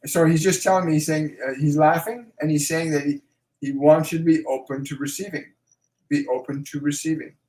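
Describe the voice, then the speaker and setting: Male medium hosting a livestream Q&A, slightly higher voice, echoey room. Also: fairly even intonation, a little mellow. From Canada. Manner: repeats phrases, slow and emphatic when relaying messages. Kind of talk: live stream Q&A, relaying messages.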